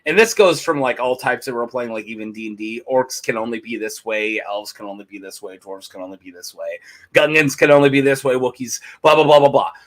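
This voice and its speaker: Guy cohosting a fan podcast, bright punchy voice, rambles on with strong opinions. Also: mid-range voice, a little fast. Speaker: podcast co-host. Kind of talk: casual fan chat.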